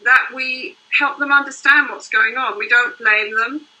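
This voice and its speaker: Older lady therapist explaining stuff, really bright voice, kinda high, earnest and flowing. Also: steady tone, measured pace, poor audio. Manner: earnest, explains in long flowing runs with "you know" and "right?". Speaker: couples therapist. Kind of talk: explanatory interview answers.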